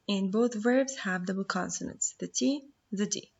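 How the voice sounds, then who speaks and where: A woman whose first language is Arabic, teaching a phonics lesson, explaining slowly and sounding out words syllable by syllable. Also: medium pitch, lo-fi sound.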